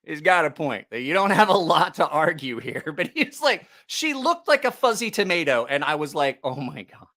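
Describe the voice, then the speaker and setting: A man hosting a casual livestream chat, telling a profane story with lots of laughter and animated asides. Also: fairly high pitch, normal speed, hardly any pauses. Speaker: knife channel host.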